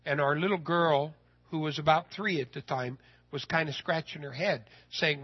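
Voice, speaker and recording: A man telling a personal story in a sermon, folksy and animated, his voice rising when he gets excited. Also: a little high, normal speed, breathy edge, lo-fi sound.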